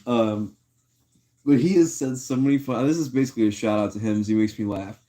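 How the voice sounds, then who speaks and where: A man's voice: medium pitch, fairly quick, warm tone. A man chatting casually on a livestream, slangy and laid-back, talking to his chat. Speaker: live streamer.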